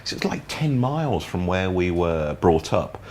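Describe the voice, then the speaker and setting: A man's voice: low-pitched, big pitch swings, normal speed, a little mellow, slight background noise. An English man hosting a morning TV show, chatting casually with dry, teasing humour. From England, near Birmingham. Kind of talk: casual studio chat.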